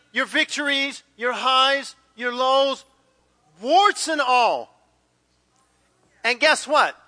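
Male preacher, very high ringing voice, animated storyteller, long hall echo. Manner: animated storyteller acting out quoted voices, dropping to hushed intensity. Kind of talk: sermon with personal story.

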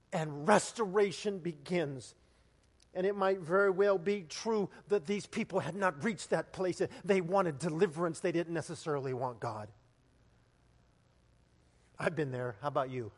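A pastor preaches in a high, bright-toned voice that rings out with a long reverb tail. He tells stories in a conversational way, then climbs to loud, emphatic peaks. The sound is that of a church sanctuary. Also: unhurried. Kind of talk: sermon.

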